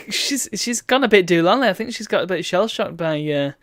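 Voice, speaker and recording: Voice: medium pitch, fairly bright tone, dry recording, studio quality. A streamer, chatting wryly and reading game text aloud while playing a retro game. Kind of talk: let's play commentary.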